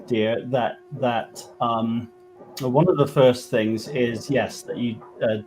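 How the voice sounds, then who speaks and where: Halting West Country English man. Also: mid-range voice, steady tone, a little mellow, low-quality recording. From England. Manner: halting, many fillers and restarts. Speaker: guest medium. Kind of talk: casual interview chat.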